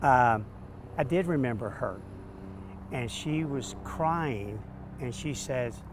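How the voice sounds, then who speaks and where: A man, a dog trainer, telling stories in an interview, animated and acting out quotes. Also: medium pitch, slow, long pauses, background noise. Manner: animated, acts out quotes with laughs. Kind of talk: storytelling interview answers.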